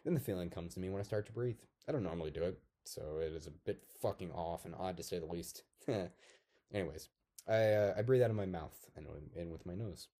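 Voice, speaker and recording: A bitter, volatile artificial toy man, played by a man, rambles through a dark comic monologue. His voice sits deep with a dark, mellow tone. He swears constantly and lurches between low mutters and sudden shouts. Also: fairly quick. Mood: unhinged.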